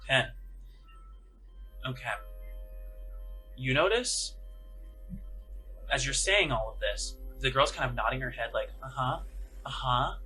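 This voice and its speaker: A man's voice: mid-range voice, lively intonation, takes it slowly, pauses often, sharp tone, faint music behind, poor audio. A man narrating as game master of a tabletop game, in a casual, rambling way with many fillers.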